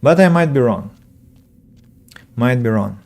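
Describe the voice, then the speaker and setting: A man's voice: mid-range voice, animated, measured pace, vocal fry, a little mellow. Chatty man streaming a game. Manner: chatty, rambling, answers chat aloud; self-correcting, filler-heavy. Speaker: game streamer and English teacher. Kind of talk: casual let's-play commentary.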